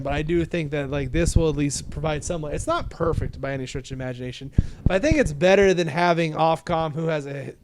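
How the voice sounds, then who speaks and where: A man's voice: on the high side, darkish tone, slight background noise. A man hosting a casual podcast chat, rambling and correcting himself as he goes. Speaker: podcast host.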